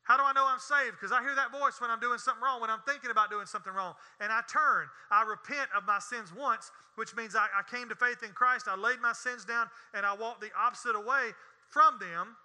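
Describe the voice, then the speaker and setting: A man preaching a sermon, folksy and joking, moving between quiet asides to the congregation and loud, emphatic points. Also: extremely high pitch, a little fast, clear, resonant tone. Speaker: pastor.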